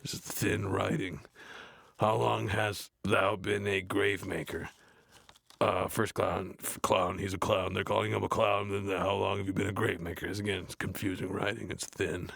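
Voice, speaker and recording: An actor playing a gruff, blunt adult metal frontman, reading a play aloud in a deadpan, grumbling way and mocking the text. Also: low voice, moderate pace, no echo, exaggerated voice. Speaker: reader of a play. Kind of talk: comedic read-aloud with running complaints.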